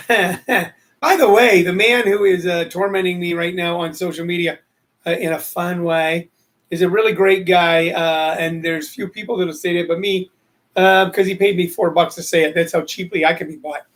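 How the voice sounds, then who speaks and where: A man's voice: high voice, fairly even intonation, moderate pace, fairly bright tone. A man hosting a casual live show, joking and rambling as he answers commenters from the chat. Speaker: show host.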